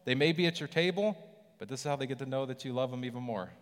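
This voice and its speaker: A man preaching a casual sermon, animated and conversational, acting out scripture with lively voices. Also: mid-range voice, fast talker, in a large hall.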